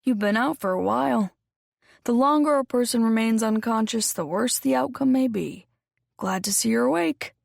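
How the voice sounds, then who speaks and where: A woman voicing a calm, middle-aged male doctor who speaks in a measured, reassuring way. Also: on the high side, creaky, no echo, clean studio sound.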